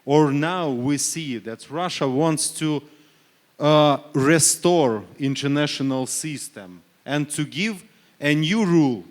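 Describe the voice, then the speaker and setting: A man from Ukraine, speaking on a forum panel in halting English, full of fillers and self-corrections, pressing his case with earnest rhetorical questions. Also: on the high side. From Donetsk region, Ukraine. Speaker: panelist, human rights official. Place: conference panel stage.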